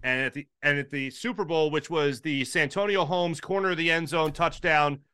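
A man's voice: normal speed, clean tone, no room sound. A middle-aged man from Philadelphia, a sports broadcaster, telling a story in casual chat and acting out the quotes of the people in it. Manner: animated storyteller, acts out quotes with big pitch jumps. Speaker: podcast guest, sports broadcaster.

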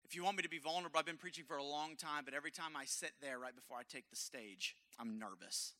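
A male pastor preaching an impassioned sermon at a church service, hoarse, dropping to a hush and then rising loud. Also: a little high, fast. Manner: impassioned, swinging from hushed to loud.

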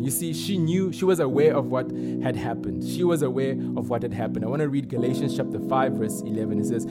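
A man's voice: medium pitch, a little mellow. A man preaching a sermon, speaking emphatically and repeating key lines, with some fillers and restarts.

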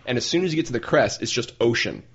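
A man's voice: mid-range voice, animated, fast, a bit bright, breathy edge, lo-fi sound. A man who is a motoring journalist, telling stories as a guest in a casual chat and laughing at himself. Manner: easygoing storyteller, laughs at himself.

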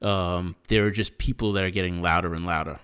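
A man's voice: low-pitched, fairly even intonation, fairly quick, fairly bright tone, smooth. An American man co-hosting a podcast, giving earnest opinions in casual chat with frequent restarts. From United States. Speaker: podcast co-host.

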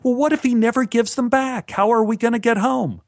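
A man voicing his anxious girlfriend, raising his voice high into a fretful, pleading tone. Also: brisk, dry recording, studio quality. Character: anxious, worried young woman, the narrator's girlfriend.

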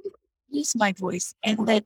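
A woman's voice: mid-range voice, expressive, measured pace, breathy edge, dry recording, low-quality recording. A woman on a video call from her home, sharing her faith in an earnest, reflective way and often restarting her sentences. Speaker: guest on a faith discussion call. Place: home near an air base.

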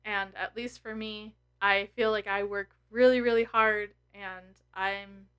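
A woman's voice: mid-range voice, fairly even intonation, unhurried, fairly bright tone, smooth, dull audio. A woman in her thirties talking candidly and emotionally to her followers, blunt and full of swearing. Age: 30s. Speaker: tarot content creator. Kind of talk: candid personal vlog.

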